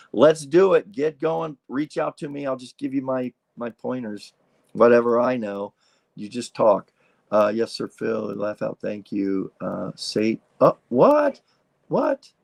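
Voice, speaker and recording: A man's voice: fairly low pitch, creaky, darkish tone, no room sound. A man in his sixties hosting a casual live stream, chatting in a rambling way as he reacts to viewer comments. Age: 60s. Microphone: streaming setup mic.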